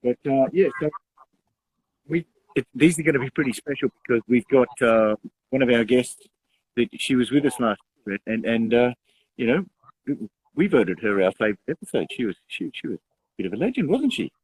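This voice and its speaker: A young man co-hosting a casual live show, chatty and quick to laugh, calling his partner mate. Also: mid-range voice, lively intonation, a little mellow, husky, no room sound, low-quality recording. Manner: chatty, laughs often, says mate a lot. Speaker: co-host.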